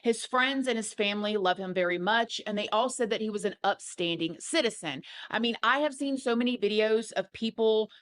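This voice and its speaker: A woman's voice: medium pitch, a little fast, hardly any pauses, a bit bright. A woman narrating a true crime video in a chatty way, with casual fillers running through her telling of the case.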